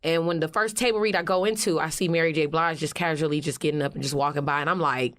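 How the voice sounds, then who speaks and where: Animated profane Atlanta woman. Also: deep voice, fast talker. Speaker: interview guest. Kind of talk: casual storytelling.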